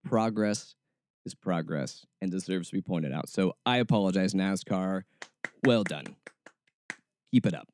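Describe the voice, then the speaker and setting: A man's voice: low voice, measured pace, long pauses, darkish tone, slight background noise. A middle-aged man from Atlanta hosting a radio show, talking casually and sarcastically, laughing often and going off on rants. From Atlanta, US South. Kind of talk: casual solo radio monologue.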